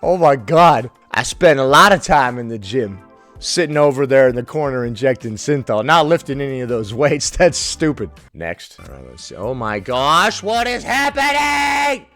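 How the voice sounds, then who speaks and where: A man's voice: mid-range voice, animated, moderate pace, fairly bright tone, soft background music. A man hosting a comedic reaction video, mocking and irreverent, who swears freely and laughs often.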